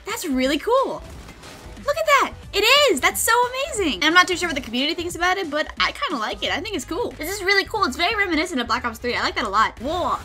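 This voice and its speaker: A young woman giving casual commentary while playing a video game, quick to get excited, squeal and laugh. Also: extremely high pitch, soft background music. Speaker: gaming video host. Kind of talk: live gameplay commentary.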